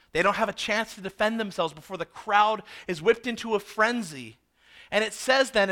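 A man preaching a sermon, expressive, swinging from loud emphasis to hushed low words. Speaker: pastor.

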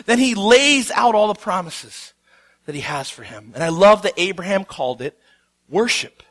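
Bright-voiced man preaching a lively sermon. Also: sits high, moderate pace. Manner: animated storytelling, acts out quotes with rising intensity. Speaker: pastor.

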